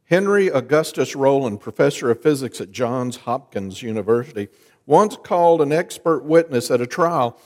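A man preaching a sermon as a pastor, with dramatic swings between soft, low lines and loud, emphatic ones. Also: normal speed. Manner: dramatic preacher, lively rises and drops in pitch and volume. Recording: long reverb of a large hall.

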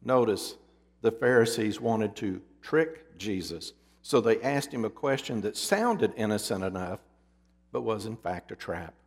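A man preaching a sermon in a deliberate, emphatic storytelling manner, his endings dropping low. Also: animated. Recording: long hall reverb.

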